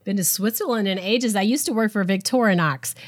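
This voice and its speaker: A woman co-hosting a podcast, chatting warmly and enthusiastically. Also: mid-range voice, fairly quick, no room sound, studio quality. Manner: enthusiastic, effusive. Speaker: podcast co-host. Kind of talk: casual podcast chat.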